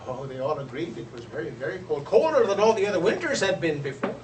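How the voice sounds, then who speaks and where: A man telling a traditional folk tale aloud in an expressive storyteller's manner. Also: a little high, fast, background noise. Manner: expressive, lively voices for characters. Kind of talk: oral storytelling. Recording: roomy, distant, faint ambience.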